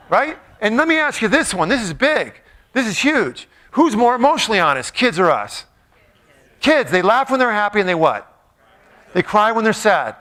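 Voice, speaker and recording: Middle-aged male motivational speaker, high bright voice, playful and joking with a live crowd. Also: sing-song, brisk. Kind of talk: live talk to an audience.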